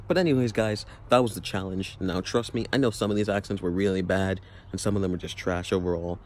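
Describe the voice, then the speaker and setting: A man's voice: sits low, fairly even intonation, fast talker, hardly any pauses, darkish tone, slight background noise. A young man in a casual vlog, rambling and joking as he tries out put-on accents. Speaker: YouTuber.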